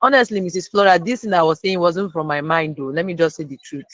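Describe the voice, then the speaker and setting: A speaker, sharing a personal lesson as a guest and retelling it lively, acting out the people in the story. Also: mid-range voice, fast talker, dry recording. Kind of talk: storytelling testimony.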